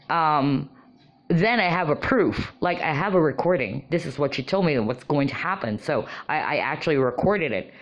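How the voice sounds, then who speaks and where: A woman vlogger casually telling her own experiences, with many fillers and lots of excitement. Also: deep voice. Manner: animated, many fillers like "you know" and "um". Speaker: vlogger sharing personal experiences. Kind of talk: casual personal storytelling.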